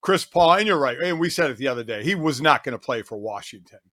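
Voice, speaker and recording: A man co-hosting a sports podcast with his son, teasing and animated in casual chat. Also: medium pitch, fast, dry recording, clean studio sound. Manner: teasing, animated back-and-forth. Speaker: co-host, the host's father.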